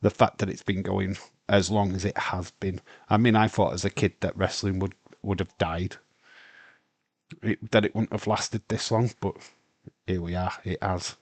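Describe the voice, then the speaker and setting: A man's voice: sits low, flat delivery, normal speed, slightly rough, no room sound. A British man from the UK talking casually and bluntly as the host of a live watch-along stream, rambling with many fillers and some swearing. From United Kingdom.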